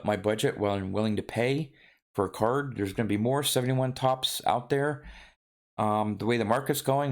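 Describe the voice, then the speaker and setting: A man vlogging about his card collecting in a casual, rambling way, with many ums and restarts. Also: lowish voice.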